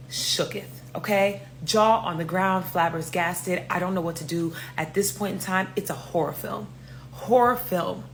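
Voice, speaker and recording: A young woman tells a story in a casual, animated way, swearing freely and talking directly to her viewers. Her voice sits at a middle pitch. A faint hum runs under the recording. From New York. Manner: animated, profane, talks straight to viewers.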